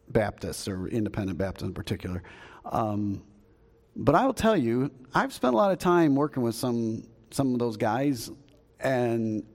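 A pastor with a Southern US accent delivers a sermon in a church sanctuary, his voice medium-pitched and slightly mellow. His style is folksy and conversational, posing questions to the congregation, and the recording carries a long hall reverb.

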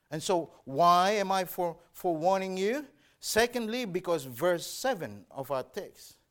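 A man preaching a sermon, earnest and emphatic, reading scripture aloud and stressing his warnings. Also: high-pitched. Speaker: pastor.

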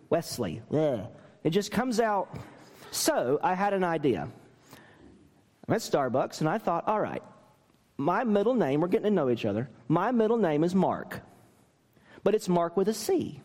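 Man, pastor, lively swooping pitch, slightly high voice, sermon with funny stories, long hall reverb. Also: moderate pace. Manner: animated storytelling with self-deprecating humor.

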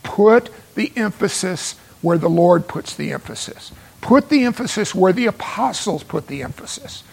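A man's voice: sits high, animated, normal speed, vocal fry, darkish tone, breathy edge. A man preaching a sermon, pressing his points with repeated phrases and rhetorical questions. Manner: emphatic, repeats phrases for stress.

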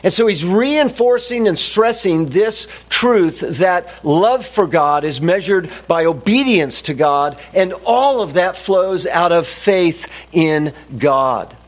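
A man preaching a sermon as a pastor, deliberate and emphatic, repeating his key phrases. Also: sits high, expressive.

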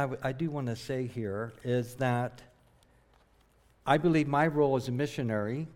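Middle-aged male missionary preacher from southern New Jersey, slightly high, earnest and emphatic delivery. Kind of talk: sermon.

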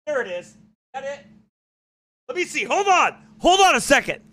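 A male preacher with a high, bright voice who talks in a lively, animated way. He is emphatic and mocking as he comments for a livestream audience. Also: moderate pace. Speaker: pastor.

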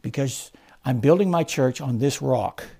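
A man preaching a sermon, rising to loud fervent emphasis and then dropping to low, quiet stresses. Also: a little slow, gravelly. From United States.

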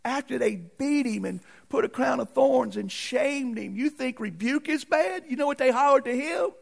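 Male pastor, folksy emphatic sermon, high gravelly voice. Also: lively intonation, normal speed, few pauses. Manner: folksy, emphatic preaching with rising outbursts.

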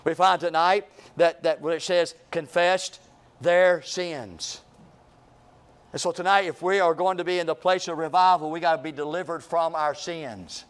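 Male revival preacher, fairly high-pitched, swings between booming and near-whispered lines. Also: fairly even intonation, normal speed, clear, resonant tone. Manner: swings from booming to hushed, repeats phrases. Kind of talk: revival sermon.

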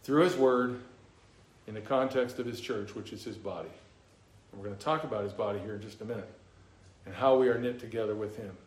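A man's voice: fairly low pitch, brisk. A pastor preaching an expository sermon in a conversational way, asking rhetorical questions of his congregation. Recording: echoey room.

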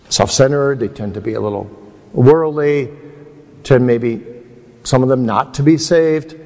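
A man preaching at a seminar uses a medium-pitched, a little mellow voice for an anecdotal, conversational teaching sermon. He tends to put himself down, and the recording carries long hall reverb.

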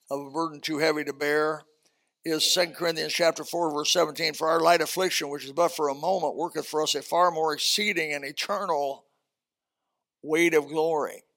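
Male pastor, sermon, gravelly, raised pitch, folksy and animated delivery. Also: moderate pace. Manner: animated preaching, folksy asides, swings from shouting to quiet.

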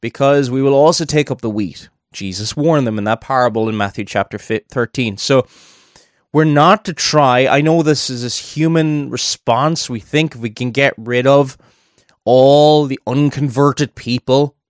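With studio quality and no echo, a man with a medium-pitched voice preaches conversationally, thinking aloud and adding asides as he explains a verse.

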